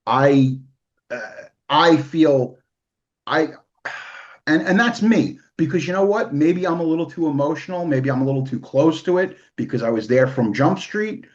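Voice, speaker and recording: A man's voice: fairly high pitch, animated, normal speed, lo-fi sound. A man from New hosting a podcast, talking emotionally and swearing freely in casual chat. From New York. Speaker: podcast host.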